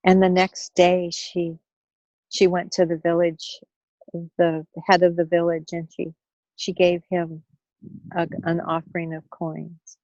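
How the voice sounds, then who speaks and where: A woman speaker on money wellness, telling a story in an earnest, gentle way and often repeating words as she goes. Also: fairly low pitch, completely flat delivery, slow, dry recording, muffled recording. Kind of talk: storytelling in a talk.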